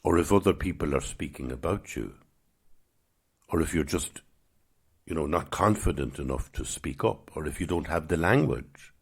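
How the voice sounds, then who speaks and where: A man hosting his own podcast, giving a gentle, musing spiritual talk at an unhurried pace. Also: a bass voice, expressive, slightly rough. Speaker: podcast host.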